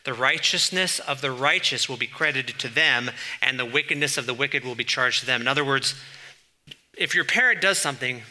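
A man preaching a conversational sermon, reading scripture passages aloud and breaking off into quick, informal asides. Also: mid-range voice, bright, forceful tone. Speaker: pastor.

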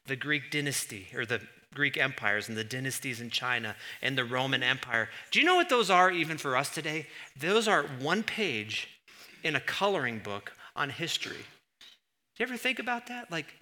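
A man preaching a sermon as pastor in a church, acting out voices with sudden loud jumps. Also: medium pitch, normal speed. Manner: animated, acts out God's voice with sudden loud jumps.

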